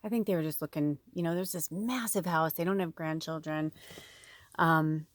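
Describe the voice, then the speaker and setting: A tarot reader and spiritual medium tells her viewers a personal story to camera, chatty and emotional and packed with quoted dialogue. Her low-pitched voice moves at a normal speed with fairly even intonation. The sound is studio quality, with no room sound.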